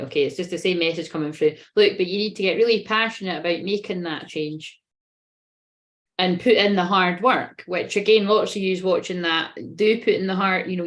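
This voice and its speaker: A woman running a casual live tarot reading. She talks in a rambling, sweary way and often breaks into giggles. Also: fairly low pitch. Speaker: tarot reader.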